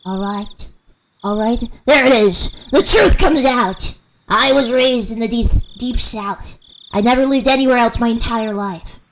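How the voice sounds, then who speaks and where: A woman putting on a blustering Southern US redneck voice, drawling, loud and defiant. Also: a little high, measured pace, slight background noise, lightly acted, poor audio. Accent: put-on Southern US.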